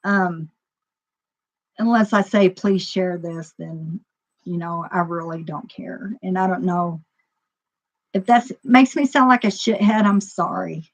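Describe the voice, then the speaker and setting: A woman's voice: lowish voice, slow pace. A woman who owns a store, talking to her viewers in a loose, rambling vlog monologue full of "you know" fillers. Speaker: store owner. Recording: dull lo-fi recording.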